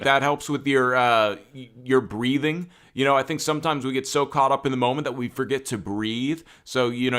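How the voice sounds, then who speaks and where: A young man co-hosting a casual sports-broadcasting chat, talking conversationally with many fillers and getting animated when excited. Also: mid-range voice, smooth. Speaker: co-host.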